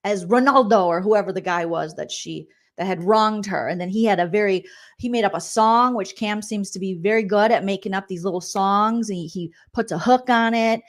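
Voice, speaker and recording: Give me a woman comedian host, chatty and animated in a casual vlog, at an ordinary pitch. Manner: chatty and animated, acts out quotes with lots of asides. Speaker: comedian and reality TV recap host. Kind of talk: casual reaction vlog chat.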